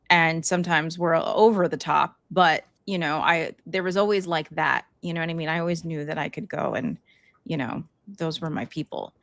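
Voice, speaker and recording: A woman's voice: deep voice, vocal fry, fairly bright tone, dry recording. A middle-aged woman co-hosting a podcast, chatting casually with many likes and you-knows. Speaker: podcast co-host. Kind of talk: casual chat.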